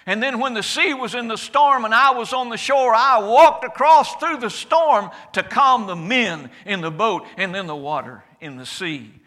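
A man preaching in the first person as Jesus, a calm and certain adult man, with a declamatory delivery whose loudness rises and falls. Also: extremely high pitch, normal speed, hardly any pauses. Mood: solemn. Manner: declamatory, rising and falling loudness. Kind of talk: first-person sermon monologue.

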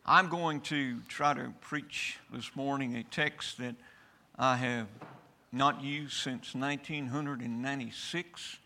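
A male pastor preaching a sermon in an earnest, unhurried way, turning soft and quiet when he reflects. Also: mid-range voice, steady tone.

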